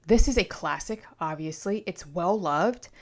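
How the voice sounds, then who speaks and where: A woman's voice: on the low side, lively intonation, unhurried. Chatty congested woman reviewing a book. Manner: chatty, rambling, with playful asides and laughs. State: congested from allergies. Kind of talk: casual vlog book review.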